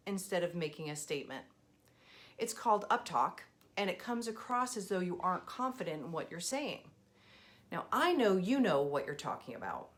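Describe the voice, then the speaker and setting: A woman's voice: mid-range voice, lightly acted. A woman voicing a friendly female colleague who gives candid feedback in a direct, kindly explaining way.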